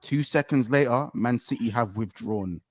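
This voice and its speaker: A man hosting a casual football chat, excitable, swearing and repeating himself. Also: medium pitch, moderate pace, no echo. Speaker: football podcast host.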